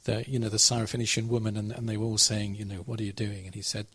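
A man's voice: on the low side, flat delivery, racing, fairly bright tone, slightly rough. A man preaching a conversational sermon, telling a Bible story and checking in with his listeners. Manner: conversational, asks the audience questions.

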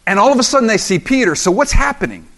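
A man preaching a sermon as pastor, animated and acting out the voices of the story. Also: high voice, quick pace, gravelly. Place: church in South Florida.

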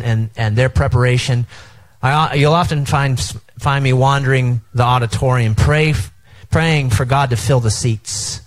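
A man's voice: medium pitch, poor audio. A middle-aged man preaching a sermon as pastor, engaging the crowd with call-and-response at an outdoor tent service.

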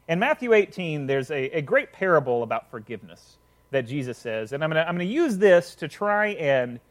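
A man's voice: fairly high pitch, very animated, fairly quick. A man preaching a casual sermon, retelling a parable conversationally with frequent check-ins to listeners.

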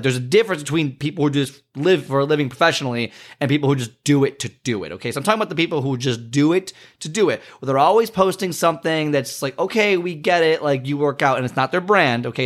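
A man's voice: mid-range voice, fairly bright tone. A man giving a casual motivational rant, rambling and acting out the friends he quotes. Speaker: motivational speaker.

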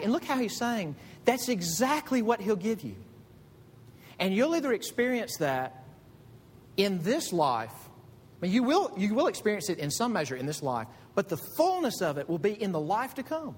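A man preaching a sermon as pastor, animated, climbing to emphatic high peaks. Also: normal speed, husky. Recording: reverberant hall with faint rumble.

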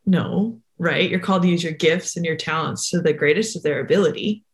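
A woman's voice: deep voice, brisk. A woman hosting a casual conversation, responding with encouraging, faith-centred reflection. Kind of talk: casual chat.

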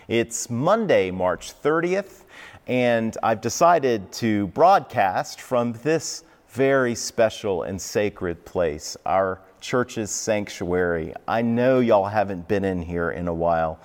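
Pastor guy in his fifties preaching a devotional, slow and storytelling, big echoey sanctuary. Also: on the low side, animated. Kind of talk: online devotional sermon. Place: church sanctuary. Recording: reverberant sanctuary.

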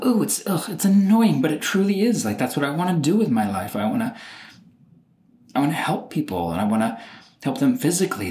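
A man's voice: mid-range voice, darkish tone. A man hosting his own solo podcast, talking casually and animatedly, often acting out what other people say. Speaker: podcast host. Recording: roomy echo.

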